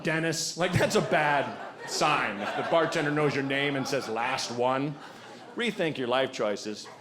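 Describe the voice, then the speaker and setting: A man performing a stand-up comedy set before a live audience, animated and breaking into acted voices for the people in his stories. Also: medium pitch.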